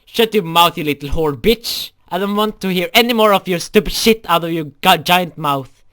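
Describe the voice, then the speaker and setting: A man's voice: high voice, moderate pace, sharp tone. A man voicing an angry, foul-mouthed female spider mob who hurls insults aggressively. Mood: furious.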